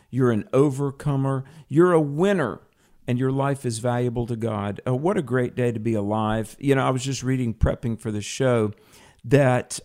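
Speaking at medium pitch with a darkish tone, a man hosts a live Christian radio talk show from his home studio, a cat nearby. He's upbeat and chatty, with lots of fillers and restarts.

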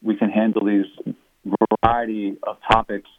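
A man who is a pastor and author, speaking as an interview guest and explaining his views in an earnest, measured way. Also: fairly low pitch, flat delivery, no room sound. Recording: tinny phone-line sound.

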